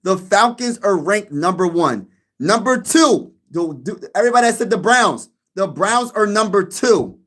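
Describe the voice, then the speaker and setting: A man's voice: high-pitched, expressive, normal speed, fairly bright tone. A man hosting his own sports channel, talking casually to his viewers, repeating himself and laughing at his own jokes. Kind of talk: casual sports vlog chat.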